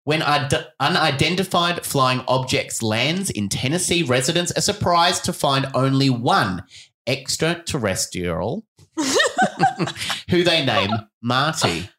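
A man's voice: a little high, slow pace. A man co-hosting a podcast, trading playful jokes in casual banter. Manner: playful, teasing, deadpan jokes. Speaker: podcast co-host.

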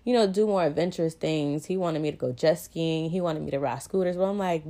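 Chatty young woman with a mellow voice. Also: low voice, a little fast, few pauses. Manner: chatty, rambling, frequent "like" and "you know". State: pregnant, short of breath. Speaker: vlogger. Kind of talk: casual chat to viewers.

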